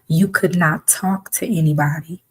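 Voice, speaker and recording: A woman's voice: deep voice, fairly even intonation, normal speed, breathy edge. A woman hosting a reflective talk, speaking emphatically and conversationally, sometimes acting out the voices of the people she quotes. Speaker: host.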